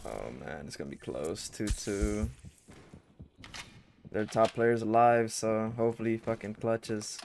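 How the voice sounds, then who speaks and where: A young man talking over his gameplay in a fairly low voice, brash, profane and quick to trash-talk. Controller and button clicks are clearly heard under his voice. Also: noisy background. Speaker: gaming YouTuber. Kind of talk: live gameplay commentary.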